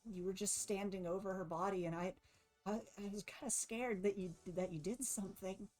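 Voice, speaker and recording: A woman's voice: medium pitch, steady tone, brisk, a little mellow, soft background music, voice pushed up, lightly acted. A woman voicing a nervous teenage superhero girl who stumbles over her apologies. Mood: anxious.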